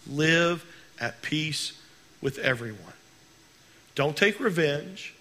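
Bright-voiced male pastor preaching. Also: on the high side, expressive. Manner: earnest preaching, slows down on key words. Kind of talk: sermon.

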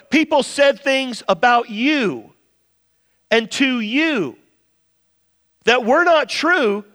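A male pastor delivers a passionate sermon in a notably high voice, pressing his points with rising emphasis. His words ring out with a long reverb, as from a large church hall. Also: fairly bright tone. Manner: impassioned preaching with rising emphatic lines.

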